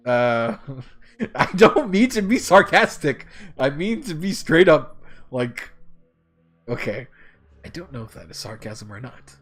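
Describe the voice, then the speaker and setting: Chatty gamer guy, slightly husky. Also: on the high side, big pitch swings, unhurried, fairly bright tone, faint music behind. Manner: chatty, laughing at himself. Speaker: let's play host. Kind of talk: casual gameplay commentary.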